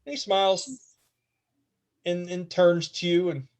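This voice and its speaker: A man's voice: sits high, slow pace. A man narrating a tabletop game as game master, casual and rambling, often laughing.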